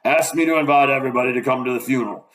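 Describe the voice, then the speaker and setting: A man's voice: medium pitch, rapid-fire, a bit bright, close to an everyday voice. A man voicing a pompous, rambling old male swindler who lectures self-satisfied in a storybook reading.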